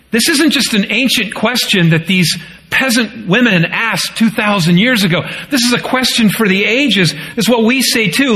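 A man preaching a sermon as pastor, rising into pleading quotes and dropping low and quiet for solemn points. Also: lively intonation, a little slow.

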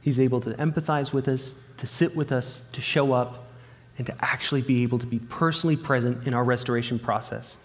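A man's voice: medium pitch, steady tone, fairly quick. Earnest man preaching in a reverberant hall. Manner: earnest storytelling, acting out remembered dialogue. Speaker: pastor. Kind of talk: sermon with personal story.

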